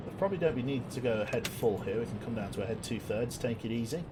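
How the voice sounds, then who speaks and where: A man's voice: medium pitch, animated, rapid-fire, noisy background. A man giving casual, jokey commentary while streaming a game, chatting with viewers and swearing now and then.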